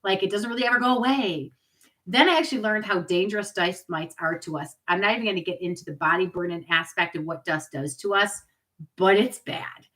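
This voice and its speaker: Bright-voiced chatty woman demoing products. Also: mid-range voice, brisk, rough recording. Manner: chatty and upbeat, with asides to viewers. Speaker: product party host. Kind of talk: live product demo.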